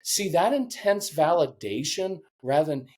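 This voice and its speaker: An intense, animated man in his fifties with a voice that sits a touch high for a man. He coaches parents in a conversational interview, slipping in and out of little acted-out quotes. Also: unhurried. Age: 50s.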